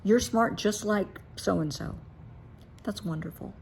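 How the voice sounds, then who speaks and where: A woman's voice: mid-range voice, slow pace, gravelly, a little mellow, slight background noise. A middle-aged woman therapist giving earnest, emphatic advice, repeating her key points for stress. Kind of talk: direct advice monologue.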